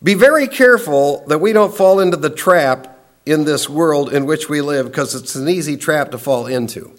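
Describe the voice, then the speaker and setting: A man preaching a sermon, emphatic and swinging between raised, urgent lines and hushed, low asides. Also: normal speed.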